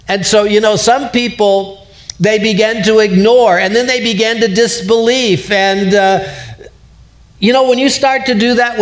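A man preaching a sermon verse by verse in a conversational way, asking the congregation questions and repeating words as he builds a point. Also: sits high. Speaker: pastor. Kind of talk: expository sermon.

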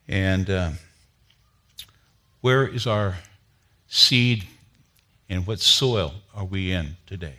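A man preaching a sermon, telling a story with lively rises in energy and dropping to a low, earnest tone to make his point. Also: extremely slow, long pauses. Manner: animated storyteller, grows loud and high when excited, then drops to a low earnest tone. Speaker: pastor.

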